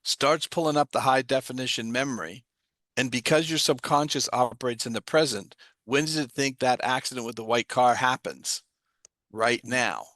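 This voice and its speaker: A man's voice: mid-range voice, moderate pace, fairly bright tone, no room sound. A man giving an explanatory talk, asking himself rhetorical questions and answering them. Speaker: guest speaker on trauma. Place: online livestream.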